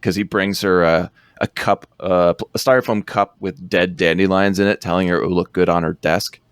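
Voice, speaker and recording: A man's voice: sits low, fairly even intonation, moderate pace, smooth, no room sound, clean studio sound. A man co-hosting a podcast, rambling through a film recap in casual chat, laughing often.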